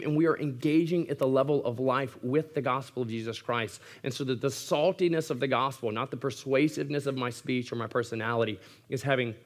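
Earnest male pastor preaching. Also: mid-range voice. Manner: earnest preaching with wry asides. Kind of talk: sermon.

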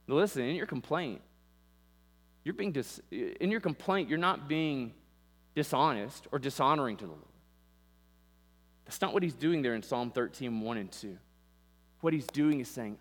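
A man's voice: mid-range voice, lively intonation, normal speed, pauses often. A male pastor preaching with passion, rising and falling in force and acting out the voices he quotes, recorded in a church sanctuary on a pulpit microphone. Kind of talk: sermon. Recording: long reverb with mains hum.

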